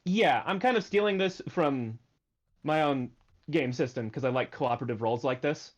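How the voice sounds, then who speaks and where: A man's voice: medium pitch, normal speed. A man running a tabletop game as game master, explaining the rules and thinking aloud.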